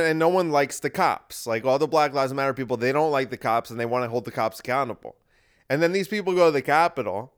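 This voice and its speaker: A man's voice: mid-range voice, smooth. A man hosting a podcast, talking in a casual, wry and rambling monologue that circles back and repeats itself. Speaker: podcast host.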